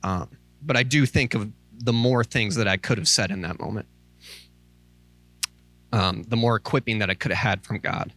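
Earnest, tearful young-sounding minister, bright voice. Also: male voice, fairly low pitch, moderate pace, pauses often. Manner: candid and conversational, with many "like" and "um" asides; earnest and pleading. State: tearful, close to crying. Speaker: associate minister. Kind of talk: informal sermon. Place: church. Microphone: microphone.

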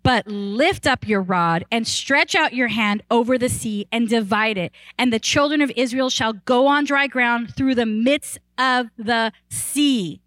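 A woman pastor preaching a sermon in a conversational, animated way, often saying "like" and restarting sentences, and rising in pitch and volume when excited. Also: unhurried, few pauses, dry recording, rough recording.

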